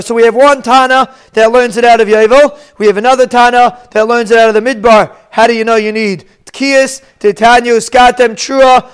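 A man's voice: extremely high pitch, smooth. A man teaching a Talmud lesson in English, reading Hebrew and Aramaic with an Ashkenazi pronunciation and explaining each phrase.

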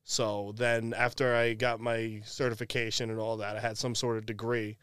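A man's voice: mid-range voice, level tone, normal speed, fairly bright tone, clear, resonant tone, no room sound, studio quality. A young man, a podcast guest rambling casually about his work and family, with lots of fillers. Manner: laid-back, rambling with many fillers. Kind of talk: casual chat.

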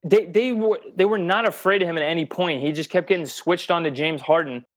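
A man's voice: fairly high pitch, a little fast, no room sound. Blunt, profane sports podcast man. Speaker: podcast co-host. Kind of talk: casual sports chat.

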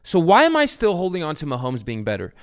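A man's voice: on the high side, wildly swooping pitch, fast, smooth. A young man hosting a fantasy football show, rambling casually and swearing now and then. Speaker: podcast host.

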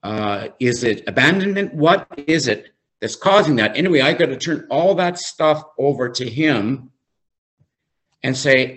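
Slow, reflective man teaching from scripture. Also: medium pitch, expressive. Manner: slow and reflective, repeats phrases. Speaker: recovery group leader. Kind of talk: devotional teaching.

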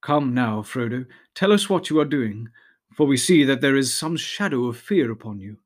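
A man voicing an ancient noble male elf leader who speaks slowly and solemnly. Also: mid-range voice, animated, lightly acted. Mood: stately. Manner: slow, stately, solemn speech.

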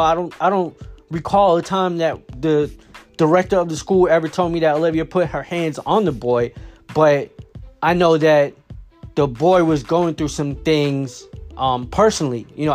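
Man with a slightly high voice, father, casual storytelling, rambling, lots of fillers, faint music behind. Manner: rambling, many fillers and restarts.

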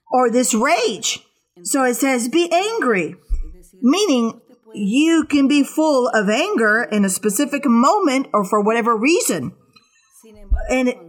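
A woman preaching a sermon, giving earnest exhortations in short repeated commands. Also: high-pitched.

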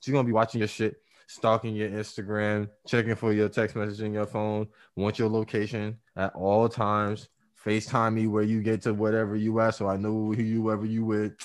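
A man co-hosting a casual chat, telling animated, profane, jokey stories. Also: lowish voice, a little fast, few pauses.

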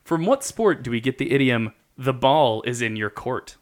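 A man's voice: medium pitch, lively intonation, moderate pace. Playful man hosting a quiz. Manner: playful, punning, explains answers at length. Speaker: quiz host. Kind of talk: casual quiz banter.

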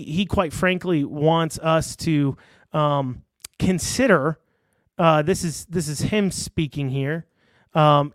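A man's voice: a little high, clean tone, dry recording. A man giving casual online political commentary, rambling and sarcastic, with many fillers and restarts.

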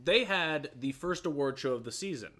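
A man co-hosting a casual podcast, who is quick to correct small details. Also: a little high, animated, fairly bright tone. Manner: pedantic, correcting. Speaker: podcast co-host. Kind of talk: casual chat.

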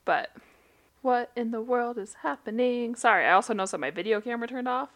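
A young woman co-hosting a podcast from home over a call, telling lively stories in casual chat and laughing often. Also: fairly high pitch, brisk, muffled recording. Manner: animated storyteller, laughs often. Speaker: podcast co-host. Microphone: remote call headset.

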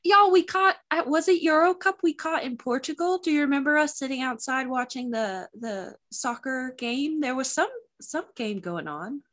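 A woman's voice: sits high, moderate pace, few pauses, fairly bright tone. A woman co-hosting a podcast, giving encouraging tips in casual chat.

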